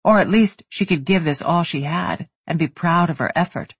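Husky, dry woman narrating a story. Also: fairly low pitch, normal speed, no echo. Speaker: audiobook narrator. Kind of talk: scripted narration.

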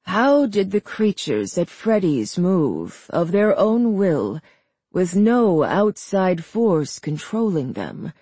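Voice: medium pitch, sing-song, mellow, slightly rough, dry recording, exaggerated voice. A narrator voicing a frail, cruel old man who speaks mildly but with menace. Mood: menacing. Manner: slow, mild, menacing delivery. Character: frail old male villain, cruel and calm.

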